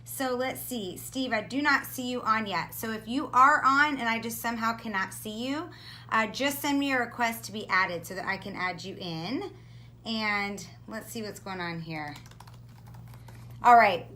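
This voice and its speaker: A woman hosting a live video stream, upbeat and gushing, often saying how excited she is, talking over a video call from home. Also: on the high side. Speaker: host. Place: home in South Florida.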